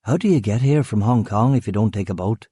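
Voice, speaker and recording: A man's voice: on the low side, fairly quick, warm tone, breathy edge, dry recording, studio quality. A man reading an audiobook, voicing a laconic hired ex-policeman with a Northern Irish accent.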